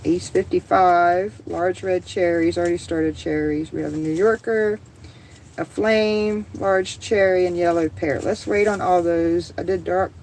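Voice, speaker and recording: A woman's voice: fairly low pitch, fairly even intonation, unhurried, a little mellow, a little hiss or hum, rough recording. A middle-aged woman from the American South with a Southern accent, hosting a casual livestream, chatting, reading viewer comments aloud and laughing easily. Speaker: livestream host.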